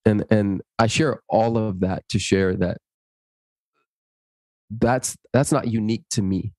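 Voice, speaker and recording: With a fairly low-pitched voice and no echo around him, a man being interviewed tells stories with animation, voicing the dialogue himself. His delivery turns slow, earnest, and inspirational.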